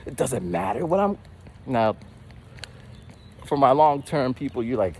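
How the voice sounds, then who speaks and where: A man in his forties rambles through a story outdoors as he walks, often stumbling over repeated words. His pitch swings in a very animated way, and faint noise sits behind him. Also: normal speed, pauses often. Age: 40s. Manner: animated, rambling, with frequent stammered restarts. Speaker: vlogger. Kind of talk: casual storytelling while walking. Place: outdoors, walking.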